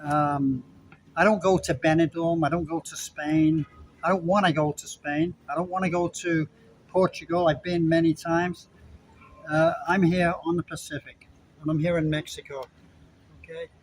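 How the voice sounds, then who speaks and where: A man's voice: fairly high pitch, fairly even intonation, moderate pace, slight background noise, poor audio. Rambling older man vlogging. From Britain. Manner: rambling, repeats himself, chatty asides. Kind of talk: casual rambling chat to camera.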